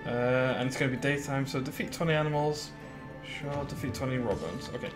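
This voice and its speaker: A man's voice: mid-range voice, fairly even intonation, brisk, music in the background. A man chatting casually as he streams a game, rambling through what he plans to do with lots of fillers and replies to his chat. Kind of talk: casual live-stream commentary.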